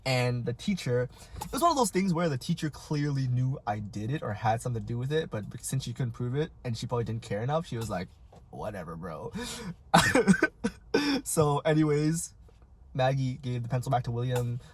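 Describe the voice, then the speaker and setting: A man, telling stories in a casual, animated, self-mocking way and acting out voices. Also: medium pitch, fairly quick. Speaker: vlogger. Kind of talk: casual storytelling while eating.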